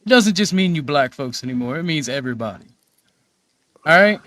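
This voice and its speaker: Casting: defiant cursing man, high sharp voice, dry close sound. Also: expressive, a little fast, no room sound. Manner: defiant, swearing, emphatic. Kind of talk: heated podcast debate.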